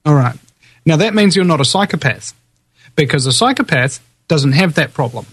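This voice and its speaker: A man talking on a radio show in a slightly high, husky voice. He explains his ideas thoughtfully and at length, pausing often on uhs. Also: animated, a bit bright. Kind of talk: talk radio conversation.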